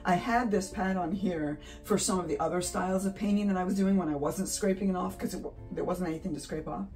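Recorded from a distance as she sits back from the mic, a woman with a low, darkish voice talks fast while painting in her home studio. The giddy art channel host chats casually, laughing between thoughts over faint guitar music.

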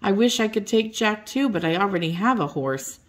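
A woman's voice: medium pitch, animated, normal speed, close to an everyday voice. A woman reading as a generous country lady. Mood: kindly.

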